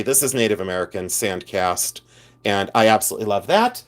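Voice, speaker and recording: A middle-aged man chats his way through a jewelry livestream, talking easily and jumping on whatever catches his eye. His voice sits at an ordinary pitch for a man, and he keeps breaking into excited exclamations. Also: a little fast. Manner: chatty, excitable, fond of exclamations. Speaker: livestream host selling jewelry. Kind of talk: casual livestream chat.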